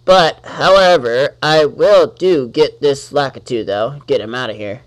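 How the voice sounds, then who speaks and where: Slow-talking man narrating his gameplay. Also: medium pitch. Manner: talks to the enemies on screen, easily annoyed, exclaims. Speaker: let's-play gamer. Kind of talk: gameplay commentary.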